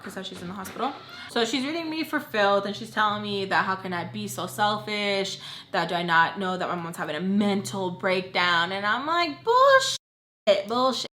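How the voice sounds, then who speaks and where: A young woman vlogger telling a personal story in a casual, animated, blunt way, swearing freely. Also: medium pitch. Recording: echoey room.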